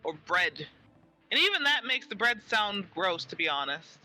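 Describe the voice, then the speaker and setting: A woman's voice: mid-range voice, normal speed, soft background music, rough recording. A woman streamer chatting casually while gaming, telling stories animatedly and acting out the people she quotes, on a headset mic. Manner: animated storyteller who acts out quoted people.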